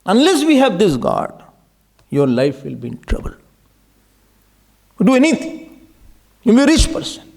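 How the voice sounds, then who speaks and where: A man's voice: high voice, wildly swooping pitch, moderate pace, gravelly, pauses often, a little mellow. A man giving an impassioned devotional discourse as a spiritual teacher, pleading and exhorting his listeners. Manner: impassioned, mixing in Hindi verses and pleading cries.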